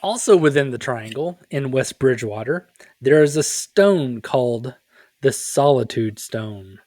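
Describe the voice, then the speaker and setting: A man's voice: mid-range voice, animated, unhurried, a little mellow, no room sound, studio quality. A man co-hosting a casual podcast, chatting in a joking way with goofy asides and frequent laughs. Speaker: podcast co-host. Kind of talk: casual chat.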